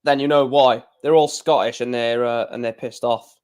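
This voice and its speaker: A man's voice: medium pitch, steady tone, normal speed, clean tone. Chatty man calling darts scores. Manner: chatty asides to chat, then louder score calls. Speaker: live-stream host. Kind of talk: casual darts watch-along commentary.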